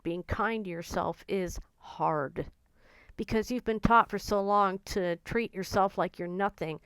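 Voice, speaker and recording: Woman vlogging about her feelings, super smooth clear voice, gentle and earnest, dry close sound. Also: mid-range voice, dry recording. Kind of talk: personal reflective talk to camera.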